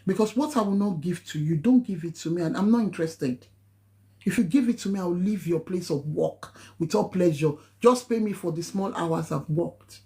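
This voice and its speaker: A woman's voice: moderate pace, warm tone. A woman with a Nigerian accent, a nurse giving an impassioned live-stream talk in an emphatic, preachy manner. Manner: emphatic, preachy, rising to high exclamations.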